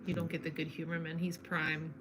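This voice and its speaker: A woman's voice: sits low, completely flat delivery, fairly quick, fairly bright tone, a little hiss or hum, low-quality recording. A woman in casual chat, dry and exasperated, teasing her co-host.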